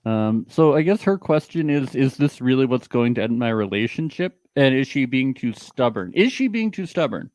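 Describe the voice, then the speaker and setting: A man co-hosting a casual advice podcast, talking in a sarcastic, animated way. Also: mid-range voice, moderate pace, few pauses, no echo. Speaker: podcast co-host.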